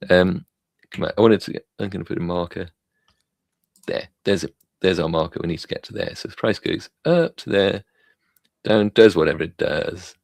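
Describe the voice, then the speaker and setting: A man giving casual, rambling commentary on crypto charts, halting with many fillers as he thinks aloud while clicking around. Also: low voice, vocal fry, darkish tone, no echo.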